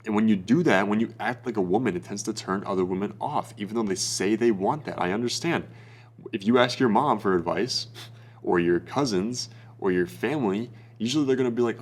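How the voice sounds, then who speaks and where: A man's voice: on the low side, brisk. A young man giving casual dating advice as a coach, blunt and profane, calling the listener bro.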